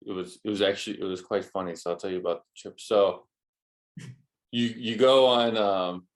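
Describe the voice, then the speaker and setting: Low-voiced man telling a travel story. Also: steady tone, moderate pace. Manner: rambling storyteller, many restarts and fillers. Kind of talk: casual chat.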